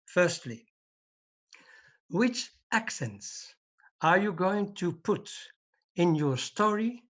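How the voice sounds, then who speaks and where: Slow, measured older man on a call. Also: fairly high pitch, lively intonation, fairly bright tone. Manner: measured, deliberate. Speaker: conference speaker. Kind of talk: formal conference talk. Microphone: video call. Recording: dull lo-fi video call audio.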